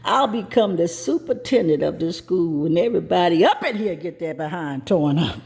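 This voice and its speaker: A woman voicing a fierce, protective mother who talks in clipped, firm commands, in a low voice. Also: lively intonation, moderate pace, darkish tone. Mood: stern.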